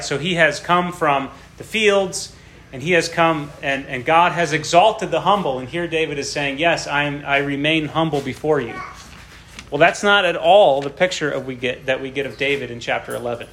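A man's voice: fairly high pitch, fairly bright tone. A man preaching a sermon who reads scripture aloud with rising dramatic emphasis and explains between readings in a plain teaching tone.

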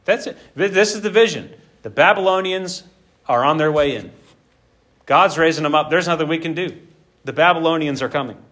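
A man preaching an expository sermon in an animated, conversational way, acting out the scripture. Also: fairly high pitch, fairly quick.

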